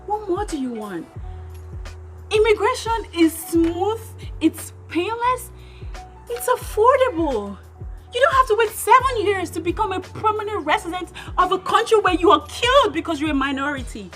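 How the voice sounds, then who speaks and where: A woman's voice: extremely high pitch, animated, moderate pace, a bit bright. A woman from Nigeria, giving opinionated vlog commentary in an emphatic way, full of rhetorical questions. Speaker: vlogger. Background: background music.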